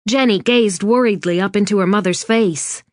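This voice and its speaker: A woman narrating a suspense novel in a measured, even scripted reading. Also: medium pitch, no echo. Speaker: audiobook narrator. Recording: dry studio read.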